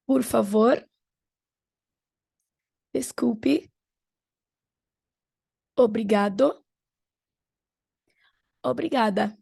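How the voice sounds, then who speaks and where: A woman teaching an online language lesson, patiently repeating phrases slowly for her students. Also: on the high side, vocal fry, warm tone, slightly rough, no echo.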